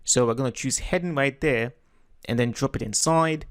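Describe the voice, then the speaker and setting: A man giving a relaxed, step-by-step screen-recorded web design tutorial, correcting himself as he goes. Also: mid-range voice, moderate pace, dry recording, studio quality.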